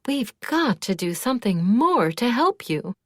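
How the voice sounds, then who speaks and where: A woman's voice: a little high, animated, slow, darkish tone, no echo, clean studio sound, voice pushed up, heavily acted. A woman voicing a flustered, protective older woman who soothes others, in an audiobook. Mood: fussing.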